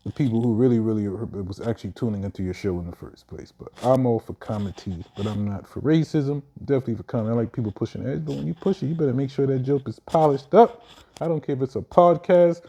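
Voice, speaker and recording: A young man doing casual comedic commentary, animated and quick to slip into acted voices and asides. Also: medium pitch. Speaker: comedian vlogger.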